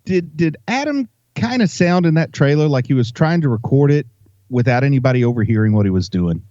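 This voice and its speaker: Wry male co-host, warm mellow voice, animated delivery. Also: medium pitch, brisk, dry recording, highs cut off. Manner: wry, teasing humor. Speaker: podcast co-host. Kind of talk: casual podcast banter.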